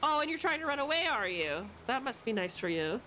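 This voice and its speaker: Young woman streamer, loud, playful, swears a lot, bright voice, big pitch swings. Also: very animated, fairly quick, slight background noise. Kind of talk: casual gameplay commentary.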